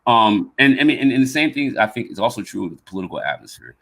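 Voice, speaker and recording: A man's voice: mid-range voice, sing-song, quick pace, vocal fry, fairly bright tone. A man in his fifties from the American South, with a slight Southern drawl, hosting a podcast in a rambling, casual way and often repeating words as he gathers his thoughts. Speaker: podcast host. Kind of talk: casual conversation.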